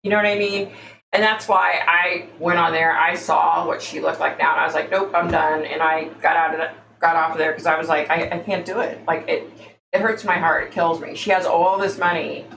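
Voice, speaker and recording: A woman's voice: low-pitched, flat delivery, fairly quick, gravelly, a bit bright. A woman hosting a casual psychic livestream, chatty and exasperated, calling her listeners y'all. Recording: echoey room, faint background noise.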